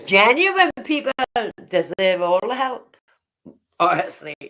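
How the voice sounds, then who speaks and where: A woman talks to her live-stream chat in a slow, unhurried way. Her voice has a gravelly edge. She speaks bluntly, swears freely and calls out to viewers by name. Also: medium pitch, big pitch swings, pushed and bright, low-quality recording. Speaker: livestreamer.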